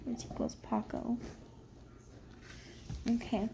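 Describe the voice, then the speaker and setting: A woman's voice: a little high, flat delivery, slow, background noise. A woman psychic medium giving a casual, rambling spirit reading on camera, full of fillers. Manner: chatty, rambling, many fillers.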